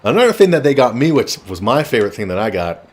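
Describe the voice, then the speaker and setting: A man's voice: medium pitch, sing-song, fast. A man telling a rambling personal story in a blunt, casual way with frequent swearing, while streaming a game. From Canada.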